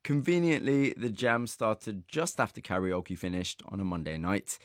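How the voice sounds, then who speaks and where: Low-voiced man narrating. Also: moderate pace, dry recording, studio quality. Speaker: narrator and interviewer. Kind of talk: scripted narration.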